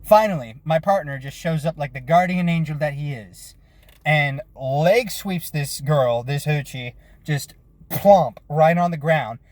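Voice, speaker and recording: A man telling a lively, profane story about his work as a bounty hunter, with frequent restarts. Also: a little high, unhurried, no echo. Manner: lively retelling with swearing and restarts. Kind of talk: casual storytelling vlog.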